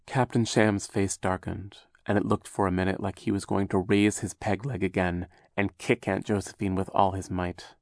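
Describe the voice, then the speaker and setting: A man's voice: low-pitched, level tone, normal speed, few pauses, darkish tone, no room sound. A man reading a storybook aloud as narrator, with a wry, dry manner. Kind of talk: audiobook narration.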